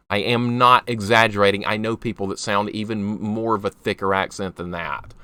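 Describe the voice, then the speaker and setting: A man's voice: on the low side, steady tone, fairly quick, hardly any pauses, sharp tone, clean tone, faint music behind. Chatty man with a mild Southern accent. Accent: mild Southern US, Arkansas. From Arkansas, US. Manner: chatty, reads chat aloud, laughs often. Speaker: streamer. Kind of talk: casual live-stream chat while gaming.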